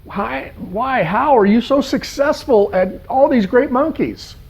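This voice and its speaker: A man's voice: extremely high pitch, lively intonation, a little slow, gravelly, darkish tone, breathy edge, voice pushed up, exaggerated voice. A man voicing eager zoo visitors who ask wondering questions. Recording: dull lo-fi sound.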